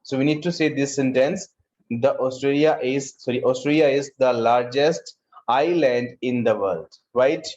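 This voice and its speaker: A male school teacher with an Indian English accent who talks slowly, repeats words and calls on students by name. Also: mid-range voice, darkish tone, muffled recording. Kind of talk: online class lesson.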